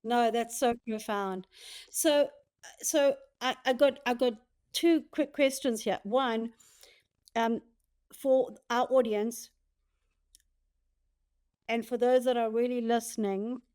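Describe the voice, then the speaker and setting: A woman's voice: fairly high pitch, fairly even intonation, slow, pauses often, a little mellow, no echo. A woman hosting a podcast interview over a call, effusive and encouraging toward her guest. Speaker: podcast host. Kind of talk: casual interview talk. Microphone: remote call.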